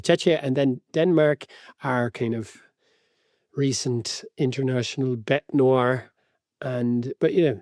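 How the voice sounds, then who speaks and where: A man's voice: fairly high pitch, mellow, dry recording, studio quality. A man co-hosting a football book podcast, chatty and rambling, amused by his own tangents. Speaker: podcast co-host. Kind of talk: casual chat.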